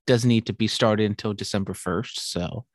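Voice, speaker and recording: Young guy from california cohosting a podcast, lowish voice, dry close sound, jokey and teasing. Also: normal speed, dry recording. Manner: joking, teasing, swears casually. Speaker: podcast co-host. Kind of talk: casual podcast chat.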